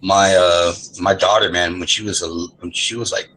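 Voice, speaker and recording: A man's voice: low voice, fairly even intonation, moderate pace, pushed and bright, rough recording. A man from San Antonio, Texas, talking in a rambling, profane way on an online voice chat and laughing often. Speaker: voice chat regular. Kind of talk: casual profane banter. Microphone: online voice chat mic.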